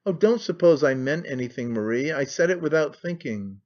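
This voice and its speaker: A man's voice: a little high, animated, brisk, lightly acted. A man reading aloud who voices an anxious, devoted young man, flustered and pleading, in a dull lo-fi recording. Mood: pleading, alarmed.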